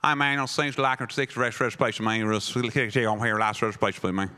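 A man playing a fast-mumbling male state trooper with a Texan drawl, his words slurred together. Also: mid-range voice, fairly even intonation, bright, forceful tone, clear, resonant tone, pitched below the performer's own voice, close to an everyday voice. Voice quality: slurred, rushed and hard to follow. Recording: echoey hall.

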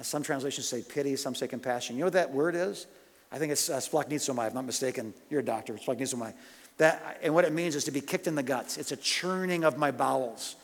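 A man preaching a sermon, swinging between loud, urgent questions and hushed, personal storytelling. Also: medium pitch. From United States. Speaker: pastor. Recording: long hall reverb.

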